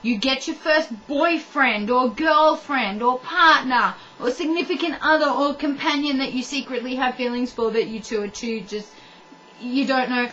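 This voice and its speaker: Blunt, high-voiced ranting woman. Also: fairly bright tone, highs cut off, a little hiss or hum. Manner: blunt, heated, addresses the viewer, swears. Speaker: vlogger. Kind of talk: ranting monologue.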